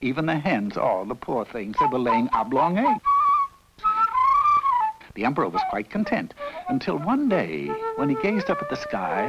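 A man reading a children's story aloud in a lively, expressive, cosy manner. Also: medium pitch, moderate pace, long pauses. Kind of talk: storybook narration. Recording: dull lo-fi recording with loud music.

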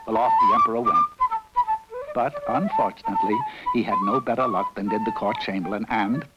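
A man narrating a children's storybook with a lively, playful telling. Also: very high voice, fairly quick, lo-fi sound, over loud music.

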